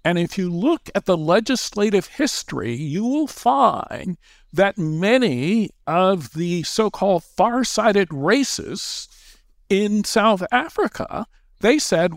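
A man who is a guest author, explaining his views in a measured, lecturing way. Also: sits high, lively intonation, vocal fry, dry recording, clean studio sound. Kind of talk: interview conversation.

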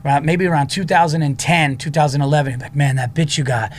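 Animated male comedian telling stories. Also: on the high side, fast talker, slight background noise. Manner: animated storyteller who acts out quotes. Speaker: comedian guest. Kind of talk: casual storytelling.

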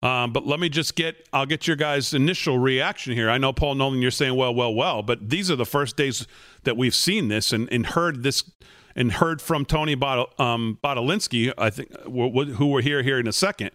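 A man hosts a political talk show, reading messages aloud and walking through a numbered list of points. His voice is mid-pitched, and the sound is dry and close. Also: moderate pace, a bit bright, no echo. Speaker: host. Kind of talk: political commentary.

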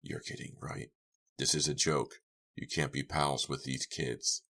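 A man's voice: extremely low pitch, moderate pace, gravelly, fairly bright tone, breathy edge, heavily acted. A man reading the part of a threatening man who mutters and then pleads. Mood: menacing, pleading. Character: menacing man with a chainsaw, turning fearful.

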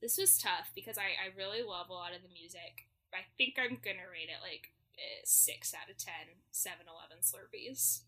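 Woman, podcast co-host, casual chat, bright tone, frequent laughs. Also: on the low side, moderate pace, hardly any pauses, breathy edge. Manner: chatty, laughs often, says like a lot. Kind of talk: casual chat summarizing a musical.

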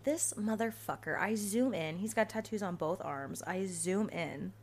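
A woman in her twenties hosting a podcast, telling stories in a casual, profane, animated way. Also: medium pitch, measured pace, slight background noise. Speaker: podcast host. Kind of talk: casual storytelling monologue.

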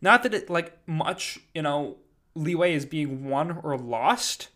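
A man's voice: a little high, lively intonation, slow pace, bright, forceful tone. A man casually recapping a live event, rambling with lots of fillers and "like". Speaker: podcast host recapping an event.

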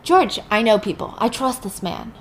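A woman's voice: a little high, expressive, normal speed, slight background noise, natural voice. A woman doing a shaken male marshal. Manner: disbelieving, pleading.

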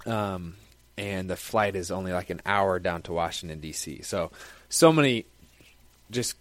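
Young man telling a story, low dry voice. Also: measured pace, no room sound. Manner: conversational, lively recounting. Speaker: football player. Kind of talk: casual first-person storytelling.

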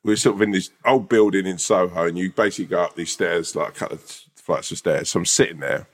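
Deep-voiced bloke telling stories. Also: male voice, fast talker. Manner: swears freely, rambling anecdotes with laughter. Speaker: comedian podcast co-host. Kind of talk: casual storytelling chat.

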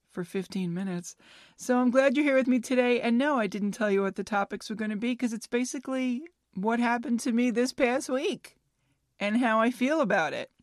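Here a fifties-aged woman runs a relaxed one-person podcast, talking freely, teasing herself, and cracking up at her own humor. The recording is dry and studio quality, and her pitch sits in the middle.

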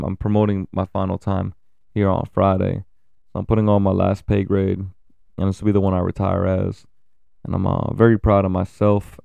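This dad in his thirties shares family news casually to camera in a low, gravelly, fairly flat voice with a dark, smooth tone. He's frank, curses liberally, and leans on fillers. The recording is dry and close with no room echo, though muffled.

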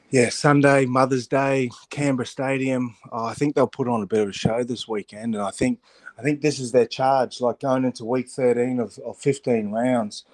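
A middle-aged man, a rugby pundit on a weekly radio spot, telling stories in an animated way, laughing often and restarting his sentences. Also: mid-range voice, dry recording. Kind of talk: casual radio chat.

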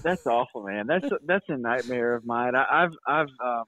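Bright-voiced man hosting a podcast. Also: medium pitch, lively intonation, rough recording. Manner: quick reactions, stammering restarts. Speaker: podcast host. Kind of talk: casual chat.

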